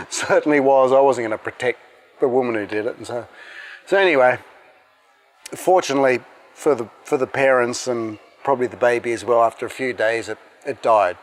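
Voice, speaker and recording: A man telling stories from his past in a casual, lively way, acting out what people said to him. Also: mid-range voice, brisk. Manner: animated, acts out dialogue in the retelling. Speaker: interviewee recounting past events. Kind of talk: casual storytelling.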